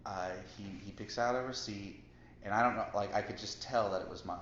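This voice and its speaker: A man co-hosting a podcast, telling a long story in casual chat, halting and full of restarts. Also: fairly low pitch, a bit bright. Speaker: podcast co-host. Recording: roomy, dull lo-fi sound with faint hiss.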